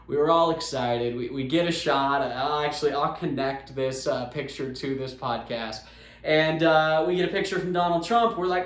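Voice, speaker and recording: A man's voice: a little high, normal speed. Chatty young man telling a story. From Utah. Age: young adult. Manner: animated, chatty, acts out quotes. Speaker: podcast host. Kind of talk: casual storytelling. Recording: roomy echo.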